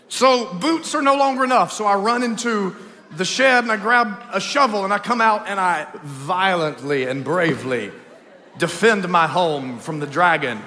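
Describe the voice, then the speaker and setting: A man preaching a lively Easter sermon in a church, swinging between loud calls and hushed storytelling. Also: sits high, normal speed. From Texas. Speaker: pastor. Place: church sanctuary, live service. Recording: long church hall reverb.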